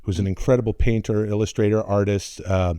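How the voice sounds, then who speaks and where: A man's voice: on the low side, fairly even intonation, a little fast, mellow, clear, resonant tone, no room sound, clean studio sound. Rambling, swearing man in his forties. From North America. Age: 40s. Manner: rambling, swearing, restarts, put-on voices for relatives. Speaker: podcast co-host. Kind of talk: casual storytelling chat.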